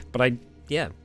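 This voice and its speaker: A young man with an Australian or New Zealand accent, hosting a casual question-and-answer chat with his viewers, relaxed and rambling with lots of ums and small laughs. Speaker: roleplay channel host answering viewer questions.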